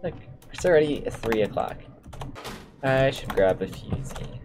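A man giving goofy, excitable commentary while playing a horror video game, yelping at the scares. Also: medium pitch, unhurried, music in the background. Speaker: let's play gamer. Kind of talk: casual gaming commentary.

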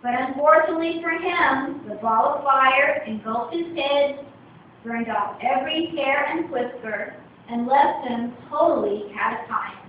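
A woman giving a wry, expressive storybook reading at a club meeting, recorded on a distant phone camera. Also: high-pitched, a little slow, a little hiss or hum. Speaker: speech contest reader. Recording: echoey room from far, dull lo-fi.

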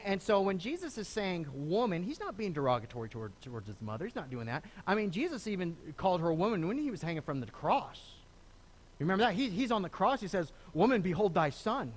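A high, very animated male voice preaching from a church pulpit. He is a middle-aged pastor who swings his pitch up and down as he talks, stumbling over restarts and slipping into the voices of the people he quotes. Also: fast. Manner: lively, conversational preaching with repeated starts and acted quotes. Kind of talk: sermon. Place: church sanctuary.

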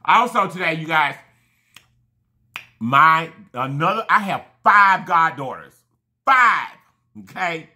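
Guy vlogging while he eats, bright forceful voice, gushing and rambly, kinda high. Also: expressive, slow pace, long pauses. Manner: warm, effusive, rambling, thanks viewers often. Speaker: mukbang vlogger. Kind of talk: casual chat to camera while eating.

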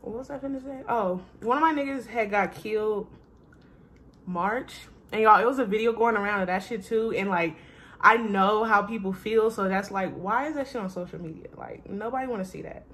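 A woman's voice: mid-range voice, moderate pace, fairly bright tone. Rambling, profane young woman vlogger. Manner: rambling, profane, trails off and sighs often. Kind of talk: casual chat to camera.

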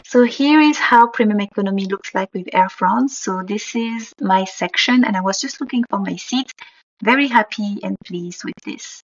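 A woman's voice: mid-range voice, normal speed, far from the mic, highs cut off. A young woman giving a cheerful, easygoing commentary as a travel vlogger. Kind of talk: casual vlog voice-over. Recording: faint background music.

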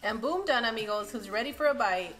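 A woman's voice: fairly high pitch, animated, brisk, fairly bright tone, soft background music. A woman hosting a cooking video, chatting playfully with viewers as she cooks and eats. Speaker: cooking channel host. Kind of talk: casual cooking chat and instruction.

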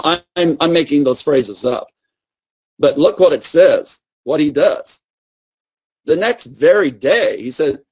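A man's voice: fairly high pitch, a little mellow, breathy edge. A man preaching a sermon and teaching with emphatic, repeated phrases.

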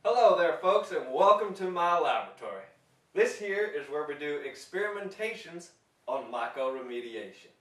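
A man's voice: a little high, very animated, moderate pace, fairly bright tone. A young man playing a cheerful, homespun male mushroom scientist with a folksy drawl in an amateur comedy skit. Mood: folksy chipper. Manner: folksy drawl, dropped g's, corny jokes. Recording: roomy echo from a distance.

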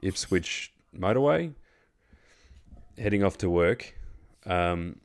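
Australian male host, very low voice, rambling casual storyteller who swears. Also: animated, slow. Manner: rambling, many fillers and restarts, swears freely.

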